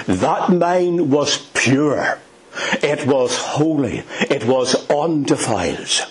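A man's voice: mid-range voice, poor audio. A man preaching a sermon, emphatic and asking the congregation rhetorical questions.

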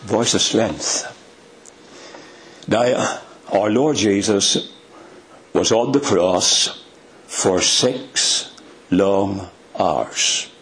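An older man preaching a sermon, slow and emphatic, dropping to hushed tones for effect. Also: lowish voice.

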